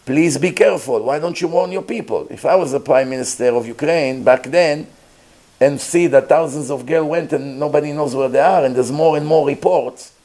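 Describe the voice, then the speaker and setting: A man's voice: fairly high pitch, moderate pace, warm tone. A man giving an informal talk as a rabbi, earnest and emphatic, with grammar. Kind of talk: informal lecture.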